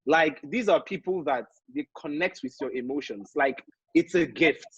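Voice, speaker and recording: Nigerian male host, playful and teasing, husky, dry close sound. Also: on the high side, moderate pace, dry recording, dull audio. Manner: playful, teasing, hesitant with fillers. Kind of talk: casual panel discussion. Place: online live show.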